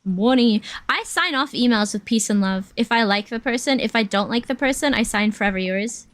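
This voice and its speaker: A woman's voice: a little high, brisk, a bit bright, dry recording. A woman streaming herself at work, chatting casually and rambling through asides. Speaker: VTuber streamer.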